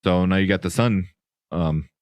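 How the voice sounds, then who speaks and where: Low-voiced man in rambling movie chat. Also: moderate pace, no room sound, studio quality. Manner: rambling, filler-heavy, enthusiastic. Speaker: podcast host. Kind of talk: casual movie review chat.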